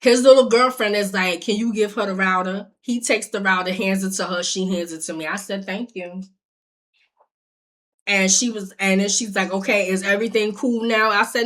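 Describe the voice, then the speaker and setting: A woman's voice: mid-range voice, fairly even intonation, normal speed, fairly bright tone. A woman telling a personal story in casual speech, acting out the quoted lines and swearing freely. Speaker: storytime vlogger.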